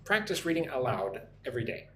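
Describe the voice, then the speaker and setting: A young American man teaching English on a live stream, chatting with viewers and repeating phrases slowly for practice. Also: medium pitch, sing-song. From United States. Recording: echoey room with faint noise.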